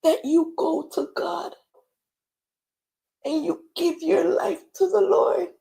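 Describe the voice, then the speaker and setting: A woman's voice: very high-pitched, fairly even intonation, slow pace, gravelly, mellow. A woman hosting a livestream, tearful and preaching as she pleads with her viewers. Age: adult with children. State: crying at times. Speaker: livestream host. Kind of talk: emotional livestream talk.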